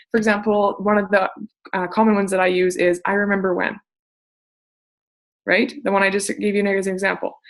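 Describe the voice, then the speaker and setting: Young woman, gravelly fry, upbeat casual coaching talk with mild swearing. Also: mid-range voice. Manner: energetic, chatty, swears casually. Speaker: network marketing coach. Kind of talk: casual motivational talk on a group call.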